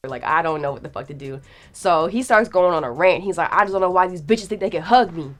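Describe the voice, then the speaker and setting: A young woman telling a story in a casual, animated way, acting out the quotes and swearing freely. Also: on the low side, quick pace.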